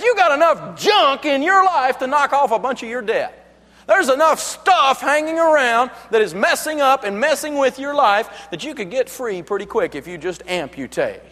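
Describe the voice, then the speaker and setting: A man's voice: extremely high pitch, fairly bright tone, in a large hall. A man giving a live seminar talk, telling jokey stories in a folksy, emphatic way. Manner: joking storyteller, folksy and emphatic. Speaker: money speaker and radio host.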